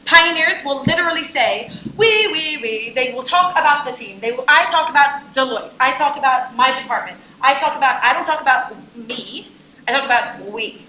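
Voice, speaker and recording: A young adult woman giving a lively, jokey business workshop talk to a conference audience and asking them questions. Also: high voice, fairly quick, roomy sound, slight background noise, rough recording. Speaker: conference speaker. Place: conference room.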